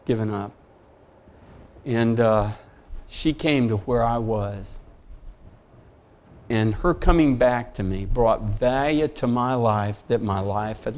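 A middle-aged man preaching a sermon, rising to emphatic scripture quotes and dropping quiet on personal stories. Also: medium pitch. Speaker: pastor.

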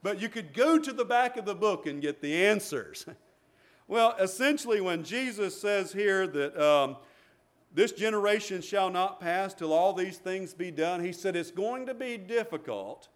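A middle-aged man delivers a sermon in a relaxed, conversational way. His voice sits high for a man. He often repeats words and adds short chuckles between points. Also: unhurried. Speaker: preacher.

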